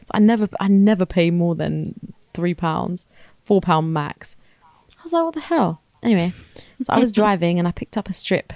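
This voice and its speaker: Slangy young woman, low voice. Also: normal speed, darkish tone, no echo. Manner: chatty storyteller, slangy, acts out her own past lines. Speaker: podcast co-host. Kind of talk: casual chat.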